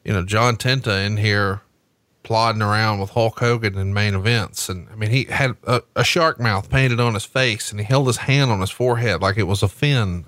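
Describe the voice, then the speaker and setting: A man's voice: medium pitch, fairly bright tone, no room sound, studio quality. A man co-hosting a wrestling podcast, chatting casually, swearing freely and laughing often. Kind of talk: casual profane banter.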